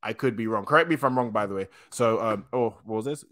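A young man hosting a casual manga reaction, excitable and slangy, often stopping to correct himself. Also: fairly low pitch, fast talker. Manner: excitable slangy chatter, frequent restarts.

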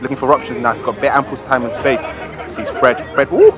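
A man giving lively, slangy amateur commentary on his club's football match. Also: medium pitch, quick pace, music in the background, crowd noise. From South London. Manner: casual slang, cheering and groaning over plays.

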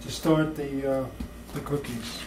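A home cook talking through baking in a slow, whimsical, playfully mock-serious way in a kitchen. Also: mid-range voice, fairly even intonation, darkish tone, reverberant, slight background noise, low-quality recording. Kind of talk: playful cooking video banter.

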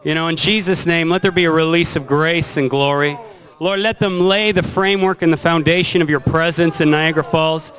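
A man's voice: on the high side, fairly quick, poor audio. A male pastor, taking the offering and praying a blessing in a church auditorium. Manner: relaxed, plain-spoken, blessing prayers. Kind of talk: sermon and offering announcements.

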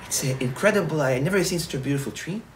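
A man's voice: on the high side, racing, slight background noise, natural voice. A man voicing the king's earnest deputy. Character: king's second-in-command, searching, earnest man.

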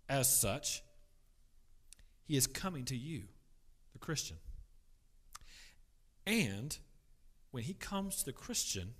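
Emphatic man teaching a Bible class. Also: fairly high pitch. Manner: emphatic, swings between loud stress and quiet asides; repeats words when restarting. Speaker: church teacher.

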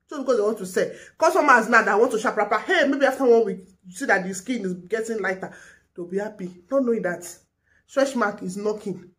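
A young Nigerian woman vlogging an angry rant into a phone camera, pleading and animated, mixing in pidgin. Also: mid-range voice, a little fast. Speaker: skincare vlogger and seller.

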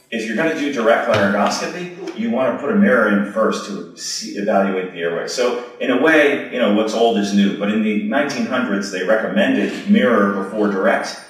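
A man giving a conversational medical lecture, telling stories in an informal way with plenty of fillers. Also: on the low side. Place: lecture hall. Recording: echoey hall from far off.

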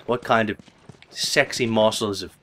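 A man doing jokey, excitable gameplay commentary, yelping and muttering as he plays. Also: on the low side, measured pace, a little hiss or hum. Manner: excitable, jokey, swears mildly, yelps when hit. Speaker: let's play gamer. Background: game music.

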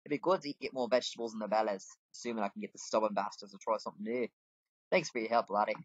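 A man voicing a gruff, blunt male tavern keeper in a put-on brogue, reading game dialogue aloud. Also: fairly low pitch, fairly even intonation, rapid-fire, no room sound. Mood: hearty. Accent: put-on Scottish-style brogue. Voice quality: rough, hearty, calls people laddie. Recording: dull lo-fi home mic.

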